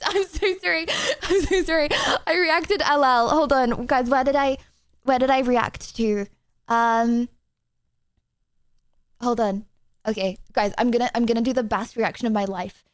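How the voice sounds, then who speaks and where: A woman streamer chatting casually with viewers, excitable and rambling, often apologizing. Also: high-pitched, moderate pace, no room sound.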